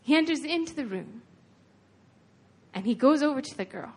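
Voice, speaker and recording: Woman preacher, slightly high voice, casual and earnest, chatty sermon delivery. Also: animated, normal speed. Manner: conversational, earnest, retelling scripture with frequent "like".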